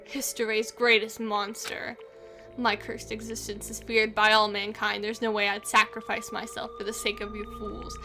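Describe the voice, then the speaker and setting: A woman reading a haughty young male dark lord's game dialogue aloud in a lowered, mock-solemn voice. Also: little pitch movement, normal speed, faint music behind.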